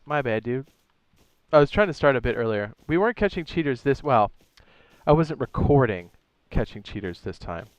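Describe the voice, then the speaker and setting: A man's voice: mid-range voice, expressive, moderate pace, no room sound, muffled recording. A man hosting his own game live stream, chatting casually, reading viewers' messages aloud and often correcting himself. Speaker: streamer and server host.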